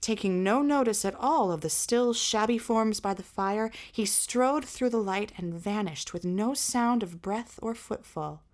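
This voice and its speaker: A woman's voice: medium pitch, a little slow, few pauses, a little mellow. Woman reading a storybook aloud. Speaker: reader.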